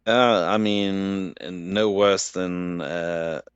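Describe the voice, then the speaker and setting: A man from England co-hosting a casual comics podcast, talking in an unhurried, halting way with many fillers. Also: low voice, fairly even intonation, clean tone, no room sound, muffled recording. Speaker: podcast co-host. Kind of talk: casual chat.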